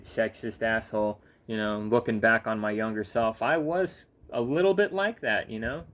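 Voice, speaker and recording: A young man, sleepy, ranting casually with lots of fillers, restarts and swearing. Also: medium pitch. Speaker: gaming vlogger. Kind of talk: casual rambling rant.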